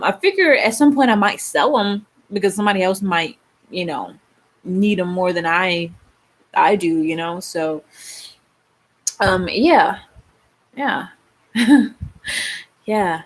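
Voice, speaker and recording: A woman's voice: fairly low pitch, slow pace, long pauses. Lady vlogger venting and musing, laid-back rambly chat, says y'all a lot. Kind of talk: casual chat.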